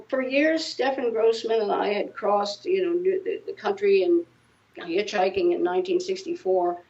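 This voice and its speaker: A woman's voice: on the low side, darkish tone, highs cut off. A woman in her seventies, a guest musician, chatting casually in an interview and telling rambling anecdotes full of restarts. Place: living room at home.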